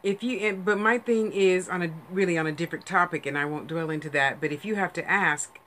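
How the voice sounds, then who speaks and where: On a casual livestream, a psychic medium chats with her viewers in a fairly quick, somewhat low and a bit bright voice, with slight background noise. Her talk is rambling and effusive, full of laughter and gushing praise for the audience.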